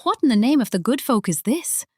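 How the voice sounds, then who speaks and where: A woman on a podcast dropping slow, wry, whimsical quips in a fae persona. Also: on the high side, very animated, a little mellow, slight background noise.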